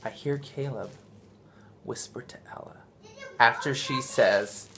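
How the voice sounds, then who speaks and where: A man's voice: medium pitch, slow pace, noisy background. A man hosting a family vlog, chatting casually and rambling with frequent restarts as he tells a story. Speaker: vlog host and father.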